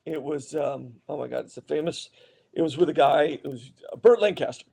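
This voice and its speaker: Guy on an interview telling long stories, kinda gravelly dark voice, lots of um and uh and starting over. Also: on the high side, brisk. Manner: rambling anecdotes with many restarts and fillers; acts out other people's lines when retelling. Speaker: guest actor. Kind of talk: casual storytelling interview.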